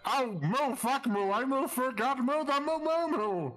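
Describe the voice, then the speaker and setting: A man's voice: very high-pitched, animated, unhurried, a bit bright, soft background music, pitched above the performer's own voice, heavily acted. A man voicing a goofy, dim-witted young male cartoon slacker who tacks a cow moo onto every word. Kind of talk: comedic character voice on a live stream.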